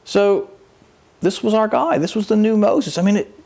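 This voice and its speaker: A man's voice: high voice, normal speed, creaky, mellow. A man preaching a conversational sermon, telling the story with animation and acting out the people in it. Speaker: pastor.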